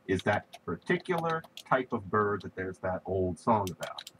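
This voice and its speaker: A man's voice: lowish voice, animated, moderate pace, noisy background. A man giving a recorded lecture on linguistics, explaining ideas through spoken examples and stressing key words.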